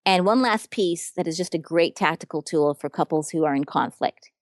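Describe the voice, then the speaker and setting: A woman's voice: low voice, moderate pace, no echo, studio quality. A woman relationship coach talking in an earnest, frank and emphatic way during a podcast interview.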